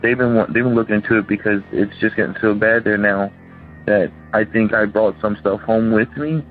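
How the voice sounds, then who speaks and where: A man's voice: lowish voice, steady tone, brisk. A man in his thirties, a caller rambling through a ghost story and acting out the voices of the people in it. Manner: rambling, acts out quoted voices. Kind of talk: casual phone-in storytelling. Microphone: phone. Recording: tinny phone line with faint music.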